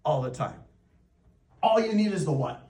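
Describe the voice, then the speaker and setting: A man with a fairly high voice tells a story to a live audience. He talks in an animated way and laughs often. The room is echoey and the mic sits a little way off. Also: normal speed, recorded from a distance. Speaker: real estate coach.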